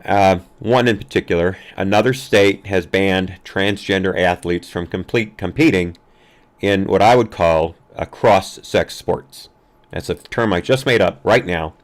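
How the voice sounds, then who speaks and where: A low-pitched man runs his own news commentary stream. He reads out figures and reacts in a halting, off-the-cuff way, full of ums and uhs and restarts. He sounds unscripted. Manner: halting, many fillers and restarts.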